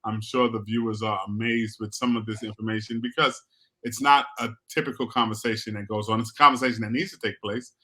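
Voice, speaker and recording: A man's voice: lowish voice, steady tone, fast, sharp tone. A man hosting a talk show, affirming his guest and moving the show along. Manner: affirming, keeps saying right.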